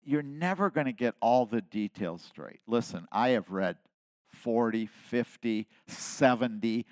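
A man in his seventies preaching a sermon, dropping to hushed asides and then rising to loud, emphatic declarations. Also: mid-range voice, expressive, unhurried, dry recording. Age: 70s. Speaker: pastor.

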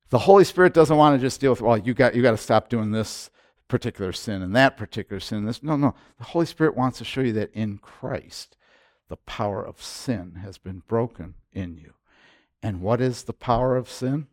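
A man's voice: mid-range voice, dry recording. Male pastor, sermon, emphatic, repeats himself, dry close sound. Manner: emphatic, repetitive, rising to loud stresses.

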